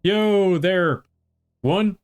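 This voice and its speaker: A man's voice: sits high, extremely slow, smooth, faint music behind. Laid-back American man with a slight twang. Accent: American with a slight Southern twang. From western United States. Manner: friendly, rambling, greets chat by name. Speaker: art streamer. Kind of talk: casual live-stream chat.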